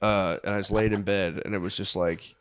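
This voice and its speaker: A man, a podcast co-host telling a long rambling story with laughs, acting out his own thoughts in quick asides. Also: low-pitched, steady tone, clear, resonant tone, no echo, clean studio sound. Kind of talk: casual storytelling chat.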